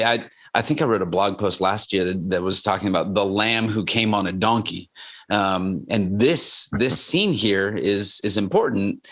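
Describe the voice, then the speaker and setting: A man's voice: lowish voice, fairly bright tone. A man co-hosting a podcast, talking casually about scripture and often repeating words as he starts sentences. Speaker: podcast co-host. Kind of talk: casual Bible discussion.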